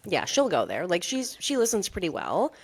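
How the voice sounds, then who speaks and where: This is a woman in her thirties with a low voice, co-hosting a casual podcast. She tells stories in a loose, rambling way and fills her talk with "like". Her delivery is relaxed and conversational. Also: moderate pace, breathy edge. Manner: chatty storyteller, many "like" fillers. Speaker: podcast co-host. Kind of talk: casual chat.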